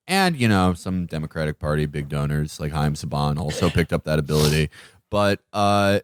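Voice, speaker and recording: A man's voice: extremely low pitch, lively intonation, moderate pace, clear, resonant tone, no echo, studio quality. A man co-hosting a podcast, riffing in a mocking, sardonic way about politics. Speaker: podcast co-host. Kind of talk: casual political banter.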